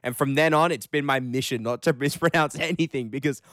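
A man's voice: mid-range voice, brisk, fairly bright tone, dry recording, studio quality. A man with an Australian accent hosting a morning radio show, chatting casually and laughing often through his stories. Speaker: radio host.

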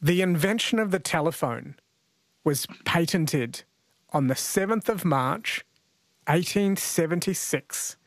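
A man's voice: a little high, animated, slow pace, no room sound. A man hosting a radio quiz, chatty and jokey, laughing often. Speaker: radio host.

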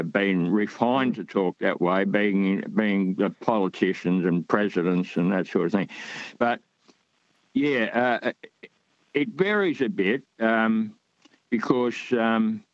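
A man's voice: on the low side, no room sound, muffled recording. A man from Australia calling in to a radio show, talking in a rambling, hesitant way with many fillers. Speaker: caller. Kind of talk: radio call-in chat.

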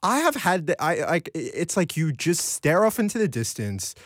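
A man's voice: on the high side, very animated, normal speed, no echo. A man, hosting a late-night radio show in a playful, chatty way, talking to listeners from a studio microphone. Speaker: radio host.

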